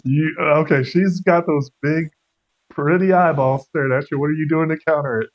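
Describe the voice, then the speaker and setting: A man's voice: on the high side, fairly even intonation, moderate pace. Male game master, loose rambling narration, dull lo-fi sound. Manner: casual, rambling, many fillers and laughs.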